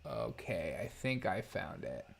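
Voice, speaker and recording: With a fairly low, gravelly voice that swings widely in pitch, a male host takes his time as he gets a prank call ready. The livestream chat is casual and comedic, full of giggles, rambling, and self-deprecation.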